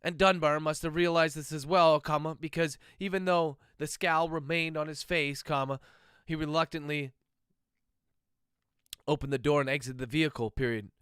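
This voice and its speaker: An author dictates his novel aloud in a steady flow, speaking each comma and period as he goes. His man's voice is smooth and resonant, and it sits a little high. The sound is dry and close, with no room echo. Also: moderate pace. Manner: steady dictation, saying punctuation marks aloud.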